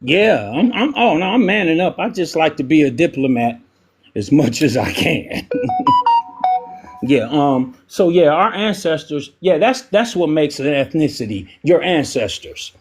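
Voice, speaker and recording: A man speaking in a live online debate, passionate and emotional, with frequent pauses and "um"s. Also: a little high, lively intonation, over music. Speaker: debate panelist.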